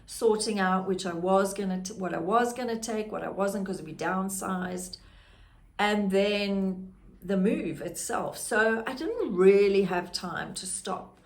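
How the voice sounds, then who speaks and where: Slow, gravelly woman. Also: mid-range voice. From South Africa. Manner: candid and reflective, unhurried. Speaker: podcast host, grief guide. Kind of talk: personal storytelling.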